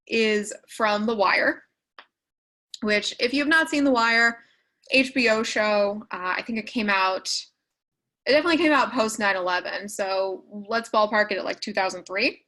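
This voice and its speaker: A woman leads an online writing workshop and talks through examples in a relaxed, conversational way. She uses plenty of fillers and quick asides as she goes. The sound comes through like a video call. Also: mid-range voice, low-quality recording. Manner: casual, filler-heavy explaining with quick asides. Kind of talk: online class walkthrough.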